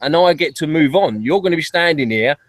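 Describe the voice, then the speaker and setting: A man's voice: a little high, lively intonation, a little fast, no room sound. A man hosting a casual group chat, talking in a reflective, rambling way with hesitant restarts. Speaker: channel host.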